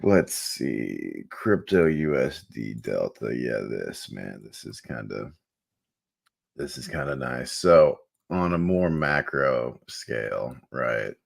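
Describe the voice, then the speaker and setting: A man's voice: a bass voice, big pitch swings, slow pace, gravelly. A laid-back man co-hosting a stream, walking through charts in a rambling way with many fillers. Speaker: co-host chart analyst. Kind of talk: casual chart talk.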